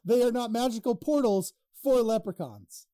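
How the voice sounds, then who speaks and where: A man's voice: very high voice, moderate pace, warm tone, no room sound. A man co-hosting a podcast in casual, profane banter, arguing and laughing, close on the mic. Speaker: podcast co-host.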